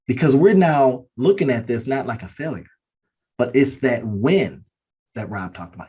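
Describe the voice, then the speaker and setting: His voice is mid-range, warm and husky, animated yet moderately paced. On a business podcast he co-hosts, he gives a sincere motivational talk, hammering home its key phrases repeatedly.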